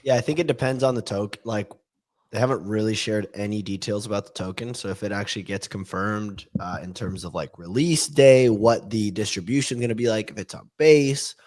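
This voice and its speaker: A man on a casual podcast, giving a measured opinion as he thinks aloud. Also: fairly low pitch, darkish tone.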